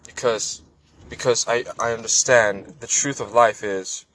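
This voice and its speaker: An earnest man vlogging to his viewers, circling back and repeating words as he talks, with the of someone who learned it later. His voice sits mid-pitch, and a faint hum of a vehicle runs beneath it. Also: fairly even intonation, a little slow, fairly bright tone, low-quality recording. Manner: earnest, rambling, many restarts and repeated words. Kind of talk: casual personal vlog monologue.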